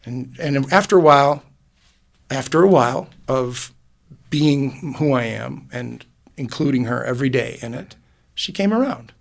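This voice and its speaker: Musician guest, male, gravelly, earnest rambling storyteller, podcast booth. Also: mid-range voice, lively intonation, unhurried. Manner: earnest, rambling storyteller with many restarts and fillers. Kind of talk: casual interview.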